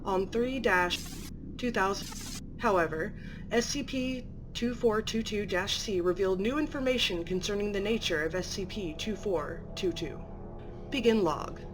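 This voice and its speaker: A woman narrating from a script in a clear, matter-of-fact way. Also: mid-range voice, measured pace, over music.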